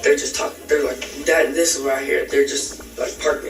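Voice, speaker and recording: A man being questioned in a recorded police interview, retelling events in a halting, rambling way with many restarts. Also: mid-range voice, steady tone, vocal fry, echoey room, recorded from a distance, faint music behind, rough recording.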